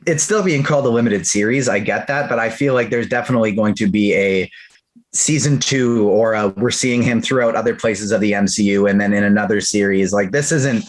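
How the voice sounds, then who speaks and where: A man's voice: lowish voice, fairly quick. A man from Canada, a podcast co-host, chatting animatedly about a TV episode in a casual review. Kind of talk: casual pop-culture review chat.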